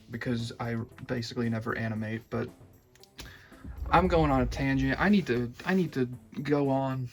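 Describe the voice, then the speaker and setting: Gravelly rambling Southern young man. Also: mid-range voice, a little mellow. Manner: rambling, hesitant, many fillers and restarts. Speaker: YouTuber giving a room tour. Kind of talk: casual rambling vlog. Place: bedroom.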